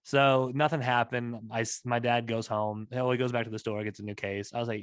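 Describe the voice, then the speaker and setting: A man's voice: medium pitch, a little fast, clear, resonant tone, dry recording. A man hosting a podcast, telling a story in rambling, profane casual chat. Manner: rambling storyteller, heavy swearing, animated. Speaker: podcast host.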